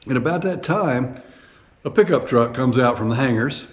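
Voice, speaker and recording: A man in mid-range pitch tells a travel story from his own flying trips. His delivery is chatty and animated, full of fillers and restarts, like a host talking straight to his viewers. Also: normal speed. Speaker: vlog host and private pilot. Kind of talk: casual storytelling.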